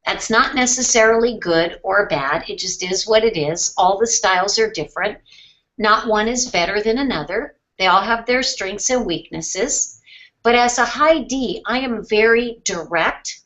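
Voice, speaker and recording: A woman sales trainer coaching over a webinar, calm and question-based, with deliberate pauses. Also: mid-range voice, muffled recording.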